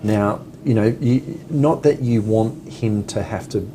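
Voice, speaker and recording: A man with a Western Australian accent and a lowish voice talks earnestly in a casual chat, pausing and restarting often. Clear background noise hangs under the recording. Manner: earnest, halting, many fillers. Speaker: co-host.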